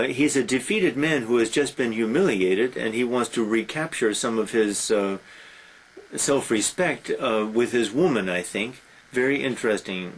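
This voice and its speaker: Male teacher, husky voice, casual lecture retelling with lots of filler sounds. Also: on the low side, poor audio. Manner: conversational, many filler sounds. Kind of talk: classroom lecture retelling a story.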